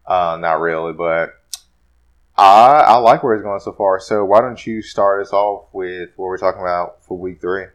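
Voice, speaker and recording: A low-voiced man co-hosts a podcast at a moderate pace. He chats casually, joking around and teasing his friend in easy banter.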